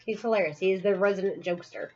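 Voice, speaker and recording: Female co-host, casual book chat, laughs through her stories, mid-pitched, lo-fi recording. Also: quick pace, darkish tone, soft background music. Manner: giggly storyteller, laughs often. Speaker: podcast co-host.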